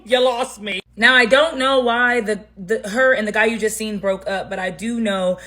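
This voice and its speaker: A woman hosting a gossip story time with a bright, somewhat high voice. She delivers it in an animated, blunt, lively way and breaks into laughter often. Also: moderate pace, few pauses. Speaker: gossip vlog host.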